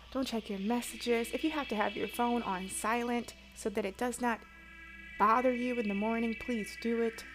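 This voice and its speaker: Woman doing a self-help pep talk, kinda high voice, music playing under it. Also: poor audio. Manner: earnest, coaching, repeats key phrases. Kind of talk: motivational talk to viewers. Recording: clear music bed behind voice.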